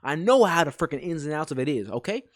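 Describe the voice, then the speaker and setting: A young man streaming live, ranting in an animated, profane, exasperated way. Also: a little high, fast talker, no echo, studio quality. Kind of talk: live-stream reaction rant.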